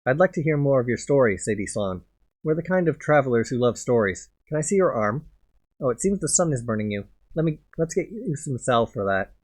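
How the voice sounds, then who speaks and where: A man voicing a kindly woman who leads a group of travelers in a video game and speaks in a gentle, soothing way. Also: mid-range voice, very animated, fairly quick, voice pushed up.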